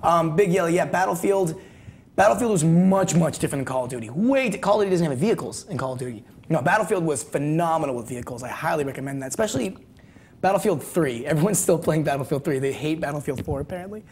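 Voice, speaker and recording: A man's voice: fairly high pitch, lively intonation, fast talker, darkish tone. A man co-hosting a gaming podcast, upbeat and enthusiastic in casual chat. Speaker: podcast co-host.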